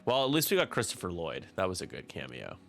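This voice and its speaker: A man's voice: deep voice, wildly swooping pitch, quick pace, vocal fry, fairly bright tone, soft background music. A man casually commentating a tabletop game on a stream, chatty and rambling, often restarting his sentences.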